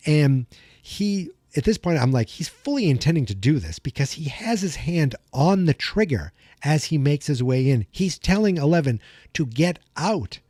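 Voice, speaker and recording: Mellow-voiced man recapping a TV episode. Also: fairly high pitch, very animated, normal speed, no room sound, studio quality. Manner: chatty, emotional fan retelling scenes. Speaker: podcast host.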